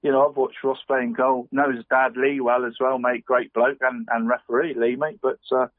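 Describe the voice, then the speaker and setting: A man's voice: mid-range voice, flat delivery, normal speed, dry recording. A man runs through weekend football scores in a loose, chatty, rambling way. His voice comes through dry and tinny, like a phone line, in the middle of the male range. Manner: rambling and chatty, constantly adding "mate". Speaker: radio football results presenter. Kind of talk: casual radio sports round-up.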